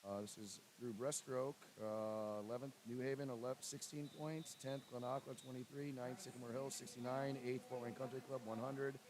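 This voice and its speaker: A man announcing lane assignments and calling races as commentator for a swim meet livestream, with a steady list-reading cadence. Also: mid-range voice, moderate pace, hardly any pauses, a crowd in the background. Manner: reads lane lists in a steady cadence, banters with co-host.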